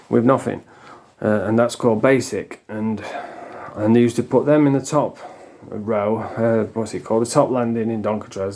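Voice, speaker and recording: Heated man, dark low-key tone, blunt casual rant with swearing. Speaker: vlogger. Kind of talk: casual ranting monologue.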